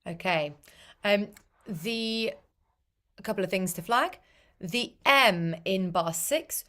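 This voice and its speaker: A woman's voice: medium pitch, lively intonation, takes it slowly, long pauses, a bit bright. A woman coaching a choir on pronunciation, patiently repeating and demonstrating each sound. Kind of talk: language coaching for singers.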